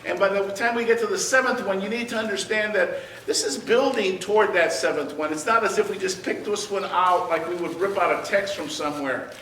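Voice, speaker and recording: A man teaching a church Bible class. He tells personal stories in an animated way, stammers and restarts, laughs as he talks, and drops his voice low for effect. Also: fairly quick, few pauses, slight background noise. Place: church sanctuary. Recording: roomy church sound picked up from a distance.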